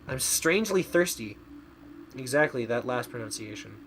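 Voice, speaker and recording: A man's voice: medium pitch, expressive, normal speed, background noise. A man streaming a video game, chatting casually and rambling, often stumbling over his words. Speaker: VTuber streamer. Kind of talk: casual gaming stream chat.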